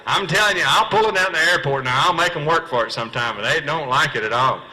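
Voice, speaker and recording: A man's voice: fairly high pitch, noisy background. A middle-aged man with a Southern US accent, telling self-mocking stories as a stand-up seminar speaker and acting out the dialogue. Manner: folksy, self-mocking, quick punchlines, acts out dialogue. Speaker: professional bass angler giving a comedy fishing seminar. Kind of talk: stand-up storytelling to a live audience. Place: seminar hall.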